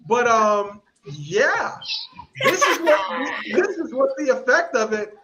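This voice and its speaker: A podcast host with a very high voice speaks slowly into a podcast mic, with heavy background noise behind him. He gives animated, opinionated commentary, acting out the voices of the people he quotes.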